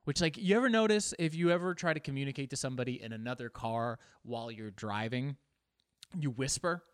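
A man's voice: medium pitch, a little fast, clear, resonant tone, dry recording, studio quality. Rambling, swearing podcast host man. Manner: rambling, self-deprecating, swears freely. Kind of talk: casual solo podcast monologue.

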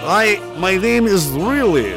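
A man voicing a deadpan male Russian spy with a mock Russian accent and broken English, confessing stiffly. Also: sits high, creaky, music in the background, heavily acted. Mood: mock-solemn. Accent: put-on Russian. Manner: stiff, halting, slow confession.

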